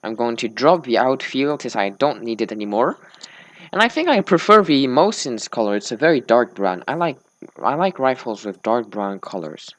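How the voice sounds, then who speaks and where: A man's voice: mid-range voice, very animated, moderate pace, no room sound. Male let's-play host, sleepy and slurring, rambling chat, dry close sound. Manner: rambling small talk, slurred words. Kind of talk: casual gameplay commentary.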